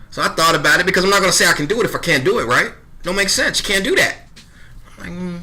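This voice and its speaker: A man's voice: high voice, expressive, fast, sharp tone. A man in his thirties telling a story in casual podcast chat, bluntly, swearing freely and acting out both sides of conversations. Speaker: podcast guest.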